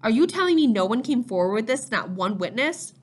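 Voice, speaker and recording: A woman's voice: a little high, big pitch swings, brisk. A woman reading a story aloud, voicing a serious father who asks earnest, probing questions. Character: grave, questioning father of the house.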